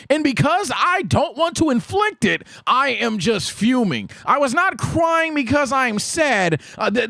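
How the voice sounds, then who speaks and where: A man reacting to an anime recap with casual, excitable and profane commentary, talking straight at the screen. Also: extremely high pitch, gravelly, no room sound, studio quality.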